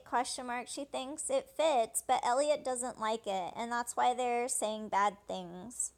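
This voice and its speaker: A woman's voice: on the high side, steady tone, measured pace, hardly any pauses, rough recording. A young woman casually narrating and translating a game, chatty with lots of "like", reading the ellipses aloud. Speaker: let's play translator.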